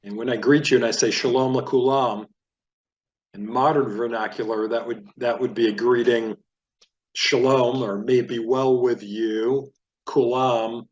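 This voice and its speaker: A man's voice: mid-range voice, steady tone, measured pace, muffled recording. A man teaching a beginner reading lesson, patiently explaining sounds step by step. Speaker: Hebrew teacher.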